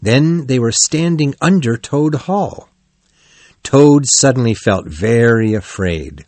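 A man narrating a children's animal story in a measured, clear reading voice. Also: mid-range voice, lively intonation, darkish tone, dry recording.

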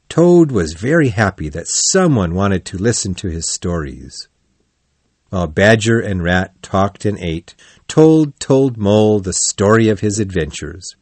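A man narrating a children's animal story in a measured, clear reading voice. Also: on the low side, dry recording.

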